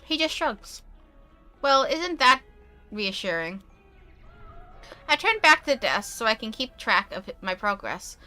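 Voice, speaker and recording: A woman's voice: fairly high pitch, unhurried, long pauses, faint music behind. A young woman streaming a game, reading it aloud with chatty asides. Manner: chatty, animated asides, talks with food in mouth.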